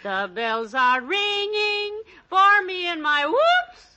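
A woman's voice: a little high, lively intonation, moderate pace, sharp tone, low-quality recording. An actress playing a cheerful, teasing middle-aged wife who laughs at her own puns, in 1940s radio acting style. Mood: playful.

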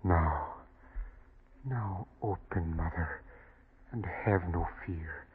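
An actor playing the ghost of a drowned young man, speaking slowly in a hushed, half-whispered way in a 1940s radio drama. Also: low voice. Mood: mournful. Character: ghost of a drowned young son, weary and mournful. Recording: tinny scratchy old radio broadcast.

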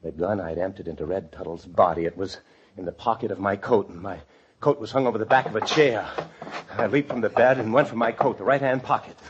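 A man's voice: lowish voice, steady tone, a little fast, background noise, close to an everyday voice. An actor playing a frightened fugitive hiding in an attic, narrating his story in tense, breathless 1940s radio drama style. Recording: muffled old radio recording with music.

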